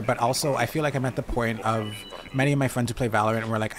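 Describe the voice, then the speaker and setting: A man's voice: mid-range voice, steady tone, fast talker, slight background noise. A man giving playful, chatty commentary while streaming a game, talking back to the characters on screen. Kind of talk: casual gameplay commentary. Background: game music.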